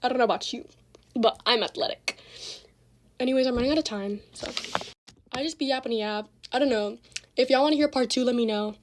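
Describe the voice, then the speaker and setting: A teenage girl telling a casual storytime with lots of slang and cursing, animated as she retells the drama. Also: fairly high pitch, brisk, long pauses, a little hiss or hum. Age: teens.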